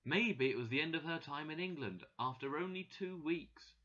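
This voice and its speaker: Bright-voiced man reading a learners' story. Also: on the high side, expressive, moderate pace, dull audio. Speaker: narrator.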